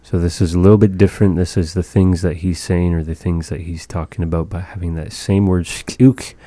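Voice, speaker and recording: A man with a very low, mellow voice leads a language lesson at an unhurried pace. He breaks phrases into syllables, and he often stops to search for the right way to explain. The sound is close and dry. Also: level tone, no room sound. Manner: deliberate, pauses to find words, sounds out phrases syllable by syllable. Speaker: language teacher. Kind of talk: slow, patient language lesson.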